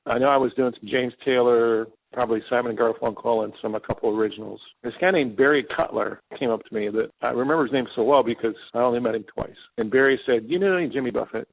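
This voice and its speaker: A man's voice: medium pitch, fast, vocal fry, hardly any pauses. A man from Michigan, a singer-songwriter guest, telling rambling stories with quoted dialogue in an interview. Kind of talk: interview storytelling. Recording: tinny phone line.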